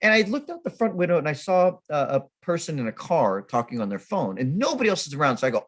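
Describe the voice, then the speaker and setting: A middle-aged man from Sacramento telling humorous personal stories as a guest speaker at a temple service, with a self-mocking, animated manner. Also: mid-range voice, fast. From Sacramento, California. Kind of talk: storytelling talk.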